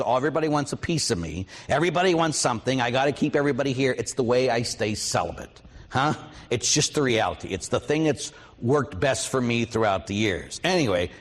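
A man's voice: mid-range voice, long reverb tail. A middle-aged male priest preaching a mission talk, telling personal stories and asking the audience questions. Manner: storytelling, lively quoted voices, asks audience questions.

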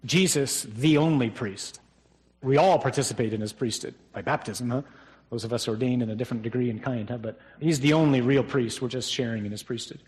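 Male priest preaching at a funeral, conversational and mid-pitched, with a habit of tag questions. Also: a little fast, a little mellow. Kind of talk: funeral homily.

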